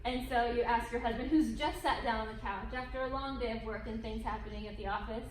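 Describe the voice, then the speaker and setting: A wife co-leading a church marriage workshop, explaining in a measured way. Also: female voice, on the high side, steady tone. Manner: measured, explanatory, with light laughs. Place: church hall. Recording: echoey room with faint noise.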